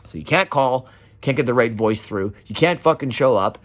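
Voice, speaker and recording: A man's voice: medium pitch, expressive, normal speed. Man ranting with heated, profane passion. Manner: impassioned, profane, acts out quoted voices. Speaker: vlogger. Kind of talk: emotional rant to camera.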